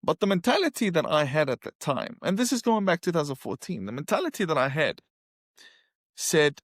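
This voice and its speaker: A man's voice: a little high, very animated, a little fast, no echo, clean studio sound. A man as an interview guest telling a personal story, acting out his own past words with feeling.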